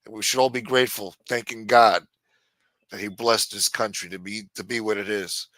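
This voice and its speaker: A man's voice: on the low side, fairly even intonation, moderate pace, a bit bright, dry recording. A middle-aged man hosting a live stream, ranting bluntly and swearing constantly. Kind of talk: profane ranting monologue.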